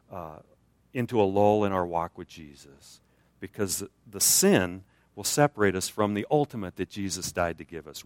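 A man with an American accent preaching a conversational sermon in a church, swinging up high for emphasis and dropping low for quiet points. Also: dry recording. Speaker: guest preacher.

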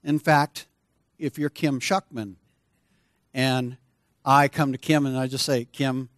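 A man's voice: mid-range voice, moderate pace, a bit bright, no echo. A man preaching a sermon as pastor, conversational and playful with his congregation.

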